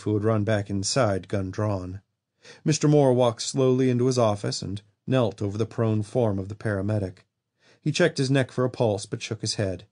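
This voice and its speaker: A man reading a horror novel aloud as an audiobook narrator, in steady storytelling. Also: on the low side. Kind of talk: scripted narration.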